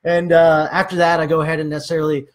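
A man's voice: on the high side, level tone, fast talker. A man giving casual sales training, acting out conversations with clients and using many fillers.

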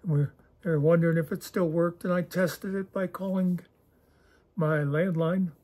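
A man's voice: fairly high pitch, steady tone, measured pace, mellow, breathy edge. A man hosting his own channel, talking in a casual, digressive monologue with a wry, self-deprecating humor. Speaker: channel host.

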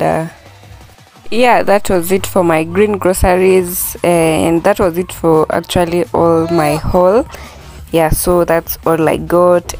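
A Kenyan woman casually narrating a home vlog, relaxed and full of "yeah, so" fillers. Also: fairly low pitch. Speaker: vlogger. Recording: echoey room, distant mic, faint music.

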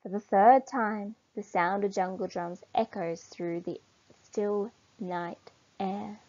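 A woman reading a children's picture book aloud in an expressive storytelling manner. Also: mid-range voice, takes it slowly. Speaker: storybook reader. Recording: dull lo-fi recording.

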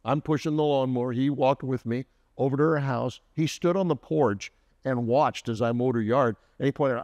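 A man's voice: medium pitch, moderate pace, a little mellow, no room sound. Man telling folksy stories, dull dry sound. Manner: folksy, with frequent "uh" and restarts. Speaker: co-host. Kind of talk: casual storytelling.

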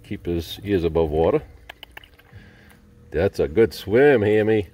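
A man training dogs in a pool, explaining what he does and coaxing the dogs with high, sing-song praise. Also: expressive, slow, mellow, slight background noise. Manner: coaxing, high-pitched baby talk to dogs. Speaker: dog trainer. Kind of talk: casual vlog narration. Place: outdoor pool, in the water.

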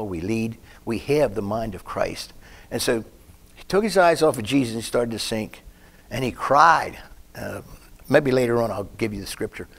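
A man with a fairly low voice preaching a sermon. He tells his stories in a folksy, rambling way and drifts into asides about himself. When he stresses a point, his voice climbs and gets louder. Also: slightly rough. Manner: folksy, rambling storyteller who breaks off to comment on himself.

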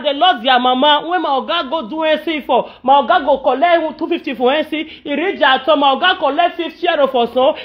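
Nigerian woman ranting and pleading to camera, highish voice, dull lo-fi sound. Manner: impassioned, pleading, mixes pidgin with chanted local-language lines. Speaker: social media personality. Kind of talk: emotional monologue to camera.

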